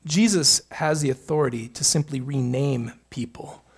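A male pastor preaching a sermon with earnest emphasis, rising on key points and adding quick asides to the congregation. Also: mid-range voice, slightly rough.

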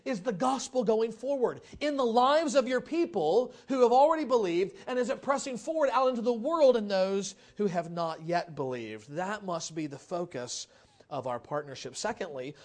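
A male pastor preaching a sermon, retelling scripture stories and acting out the quoted voices with sudden swings between loud and soft. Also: high voice.

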